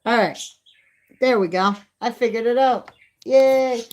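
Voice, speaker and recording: Speaking unhurriedly in a fairly high-pitched, darkish voice, this middle-aged livestream host chats from her bedroom window at home with her phone in hand. She laughs at her own stories, and there's slight background noise.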